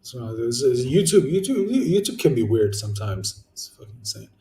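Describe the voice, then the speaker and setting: A young man vents to his viewers in a loose, rambling rant, swearing freely and restarting his sentences. His voice is mellow and dark. He sits a little back from the mic in an echoey room. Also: mid-range voice, sing-song, moderate pace, recorded from a distance. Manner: blunt, swears, many fillers and restarts. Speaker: YouTuber answering viewer comments. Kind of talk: casual ranting vlog.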